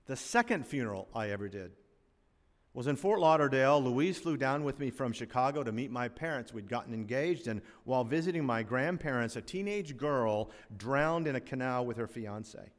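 An older man preaching a sermon as pastor, rising loud on key phrases and falling to a hush, with folksy humorous asides. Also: medium pitch, expressive, moderate pace. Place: church sanctuary. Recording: long reverb of a large hall.

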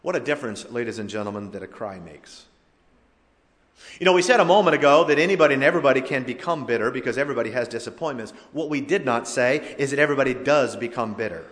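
A man preaching a sermon as pastor, with dynamic delivery that swells to loud emphatic cries and drops to quiet, low lines. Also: lively intonation, fast talker, big-room sound.

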